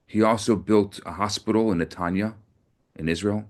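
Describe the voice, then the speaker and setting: Rabbi delivering a sermon, earnest storyteller, lower-pitched male voice. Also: steady tone, normal speed. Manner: earnest storytelling, repeats words.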